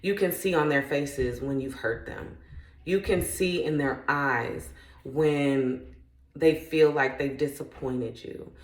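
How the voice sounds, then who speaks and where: Taking her time, a low-voiced woman reflects on faith in an echoey room. She is a parent and self-help vlogger whose earnest, conversational manner often trails into "like."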